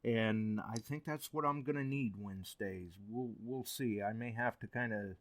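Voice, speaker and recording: A man's voice: mid-range voice, moderate pace. A man hosting a casual online talk show, telling stories in a chatty, easygoing way. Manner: chatty storyteller, lively. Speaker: podcast host. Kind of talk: casual chat.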